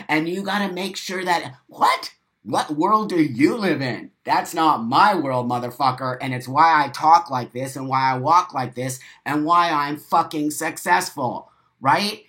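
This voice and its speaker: Fast sweary livestream rant, repeats everything for punch, loud then suddenly quiet, mid-pitched voice. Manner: profane, emphatic, repeats lines for punch; loud bursts, then quiet asides and laughs. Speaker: livestream host reading viewer comments. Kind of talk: unscripted live rant.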